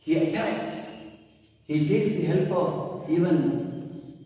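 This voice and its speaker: A man teaching a history lesson to a class, telling it as an animated story and stressing key names, drawing on a board as he goes. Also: high voice, slow. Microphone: distant microphone. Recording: echoey room, far from the mic.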